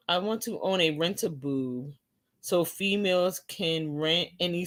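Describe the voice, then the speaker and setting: Chill woman host, slow drawl, lowish voice, laughs a lot with her viewers. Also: a bit bright. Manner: laid-back, slangy, laughs often. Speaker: host of a live talk stream. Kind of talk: casual live-stream chat with viewers.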